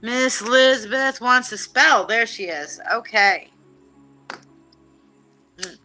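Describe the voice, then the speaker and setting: Speaking slowly in a fairly high voice over soft background music, this psychic show host banters casually on her live stream. She's animated and excitable, joking around as she reads the chat out loud.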